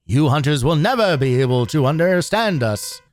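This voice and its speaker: A man's voice: fairly high pitch, animated, normal speed, natural voice. A man reading a stern robot general's game lines in a put-on British accent, pompous and declaiming. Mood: defiant. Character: stern male military reploid general, grand and defiant.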